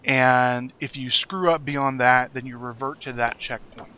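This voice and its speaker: A man's voice: medium pitch, steady tone, unhurried, muffled recording, noisy background. A young man co-hosting a podcast in casual chat, rambling with many fillers and frequent laughs. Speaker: podcast co-host.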